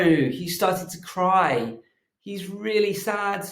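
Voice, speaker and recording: A man teaching a phonics lesson to young children, telling a gentle, animated story. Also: sits high, very slow. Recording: echoey room.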